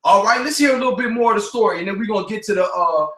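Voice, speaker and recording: Forceful preaching radio host. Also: male voice, sits high, racing, echoey room, recorded from a distance, rough recording. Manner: forceful, repetitive, street slang, scriptural. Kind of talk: preaching talk radio commentary.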